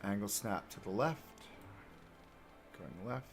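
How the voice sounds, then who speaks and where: A man's voice: fairly low pitch, lively intonation, slow, soft background music. A man chatting casually to his live chat while he builds in a game, joking at his own expense. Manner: chatty, self-mocking, talks to chat. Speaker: livestreamer. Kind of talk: casual game livestream commentary.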